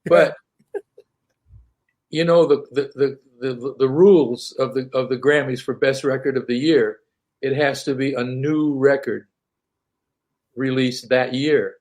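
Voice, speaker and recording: An older man recounts stories from his career in a relaxed interview. He is animated, laughs easily and repeats his words as he goes, at an ordinary mid-range pitch. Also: takes it slowly, pauses often. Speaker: interview guest, singer-songwriter. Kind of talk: casual storytelling.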